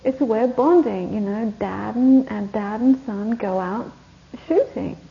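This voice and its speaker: A woman's voice: fairly high pitch, measured pace, creaky. A woman teaching a Buddhist course, giving a rambling, anecdotal dharma talk to a retreat group and laughing often. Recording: dull lo-fi recording, faint hiss.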